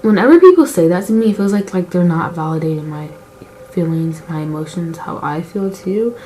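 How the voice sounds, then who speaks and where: A woman's voice: on the low side, animated, brisk, warm tone, slight background noise, low-quality recording. A girl in her late teens chatting casually while doing her makeup, rambling and confessional, with lots of "like" fillers. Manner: candid and emotional about her feelings. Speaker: beauty vlogger.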